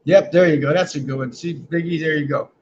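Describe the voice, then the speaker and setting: A man's voice: fairly high pitch, brisk, darkish tone, a little hiss or hum. A man hosting a casual livestream, reading chat comments aloud and joking in a rambling way, often ending lines with "man". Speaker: livestream host. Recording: dull lo-fi stream audio.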